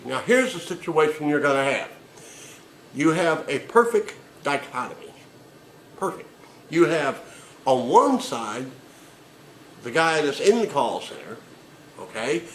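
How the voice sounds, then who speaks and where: A man's voice: mid-range voice, slight background noise. Man ranting profanely in an echoey room. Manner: sarcastic, emphatic, swearing. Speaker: comedian. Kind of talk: profane comedic rant.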